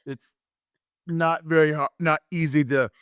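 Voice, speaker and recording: A man in his fifties, a former wrestler and interview guest, telling lively anecdotes and acting out quotes with frequent restarts. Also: on the high side, measured pace, smooth, dry recording, clean studio sound. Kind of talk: animated storytelling in a podcast interview.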